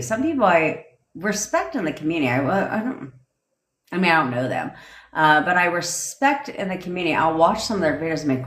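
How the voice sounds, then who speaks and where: A woman with a low, slightly bright voice speaks in a reverberant space. She's a manifestation coach chatting casually on a livestream, reading comments aloud, swearing plenty, wandering into tangents and laughing often.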